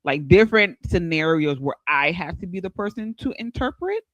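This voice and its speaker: A woman co-hosting a podcast with her siblings, telling stories in an animated, casual way. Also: fairly low pitch, moderate pace, dry recording. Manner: animated storytelling, laughs often. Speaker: podcast co-host. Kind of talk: casual chat.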